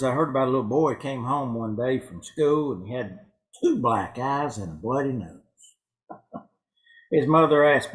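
Man preaching with lively, swinging intonation. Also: medium pitch, rough recording. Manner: folksy joke-telling preacher. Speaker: pastor. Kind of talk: evening sermon. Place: church sanctuary.

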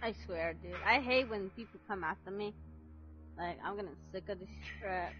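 A woman hosting a live gaming stream, excitable and loud, swearing and thanking viewers as she plays. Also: mid-range voice, normal speed. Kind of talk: casual live-stream chat while gaming. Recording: dull lo-fi stream audio with music behind.

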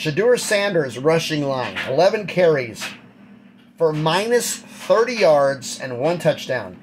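A man's voice: fairly high pitch, fairly bright tone, slight background noise. Blunt man rattling off football stats. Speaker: college football commentator. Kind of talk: casual sports recap.

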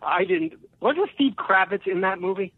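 High-voiced excitable man on a phone line. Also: moderate pace, breathy edge, dry recording. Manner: rambling, excitable storytelling with laughter. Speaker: comedian guest. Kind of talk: casual comedy podcast chat.

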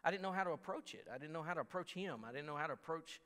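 A man's voice: a little high, expressive, racing, a bit bright. A man preaching a sermon as pastor, talking in a conversational way with frequent restarts and stammers, and reading scripture aloud with mounting force. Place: church sanctuary. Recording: long church hall reverb.

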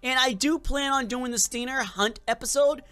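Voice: high voice, normal speed, fairly bright tone, clear, resonant tone. A gaming video creator with a slight accent and a lingering cold, giving playful, chatty gameplay commentary straight to viewers.

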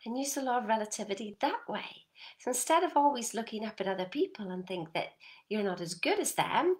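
A middle-aged woman coaching viewers in a motivational talk, emphatic and animated, often checking in with "yeah?". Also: fairly high pitch, a little fast. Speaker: personal development coach.

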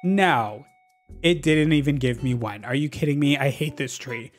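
A man's voice: mid-range voice, faint music behind. A young man giving sassy, dramatic commentary over his gameplay and talking back to the characters on screen. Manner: sassy, dramatic, quick asides to the game characters. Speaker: gaming YouTuber.

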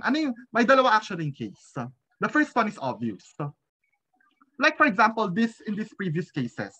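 A man with a Filipino accent lectures in a bright, slightly husky voice that rises and falls a lot. He switches between English and Tagalog and keeps pausing to ask the class if they follow. The sound is dull and lo-fi, like audio from a video call. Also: sits high. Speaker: physics lecturer.

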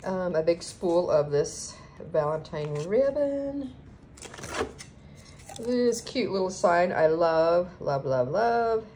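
Woman with a low voice, casual unboxing chat, gushing and chatty, noisy home recording. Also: lively intonation, slow, warm tone. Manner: gushing, chatty, lots of ums. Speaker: craft vlogger.

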